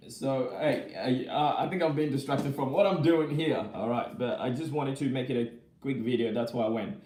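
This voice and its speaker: Casual young male vlogger, rambling and chatty, mellow tone, roomy echo. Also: mid-range voice. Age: young adult. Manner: chatty, rambling, reads and answers viewer comments; laughs often between remarks. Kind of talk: casual live-chat unboxing.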